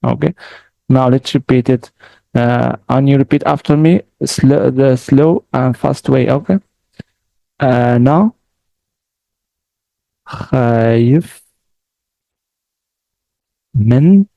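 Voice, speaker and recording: A man gives a patient language lesson, speaking slowly and repeating each word for the listener. His voice is mellow and gravelly with a rough edge. The recording is close and dry, with no room sound. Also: mid-range voice, no room sound, rough recording. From Morocco. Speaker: language teacher.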